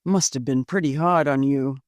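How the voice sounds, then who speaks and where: A woman voicing an earnest, protective young working man in a storybook reading, soft-spoken and low. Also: normal speed, no room sound.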